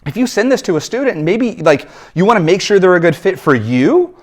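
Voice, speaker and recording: Animated man telling a sales story. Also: sits high, a little fast. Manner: animated storytelling, acts out quoted voices. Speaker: business coach. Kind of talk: energetic coaching talk.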